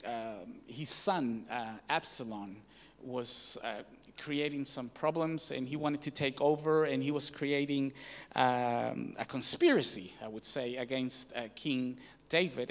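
A man's voice: fairly high pitch, a bit bright. A man giving a sermon, telling a story with many fillers and restarts and rising emphatic peaks, in a church hall. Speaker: preacher.

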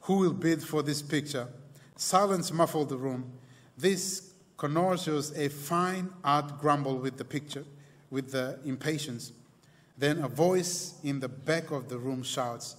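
A man preaching a sermon, telling a story dramatically and slowing down and going quiet on key lines. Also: on the high side. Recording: long hall reverb.

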